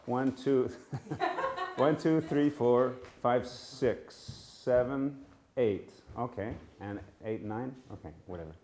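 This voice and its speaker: A man leading an informal live class in a temple room, with a relaxed, halting manner and frequent self-corrections. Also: medium pitch. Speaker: music teacher leading a class.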